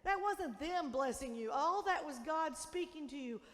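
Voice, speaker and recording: A woman pastor preaching a sermon, swinging between loud emphatic declarations and soft, hushed lines. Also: high voice, lively intonation, measured pace. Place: church sanctuary. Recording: long church reverb.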